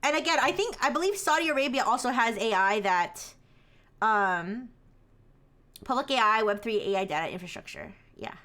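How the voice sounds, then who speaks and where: A woman's voice: on the high side, lively intonation, normal speed, fairly bright tone. A young woman chatting casually on a live stream, rambling with many restarts and frequent laughter.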